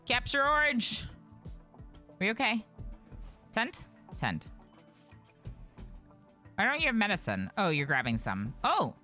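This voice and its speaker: A young woman streams a game live, chatting with viewers and calling out to the characters on screen. Her voice is bright and sits a little low, but it swings widely. Faint music plays underneath. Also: huge pitch swings, measured pace, long pauses. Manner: chatty, reacts aloud to the game and greets chat.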